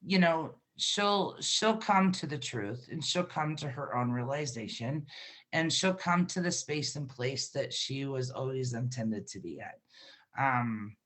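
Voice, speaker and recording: Bright-voiced woman giving a spiritual reading. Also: very deep voice, unhurried. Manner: warm-toned reassurance, frequent laughs and fillers. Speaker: intuitive card reader. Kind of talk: spiritual reading, casual chat.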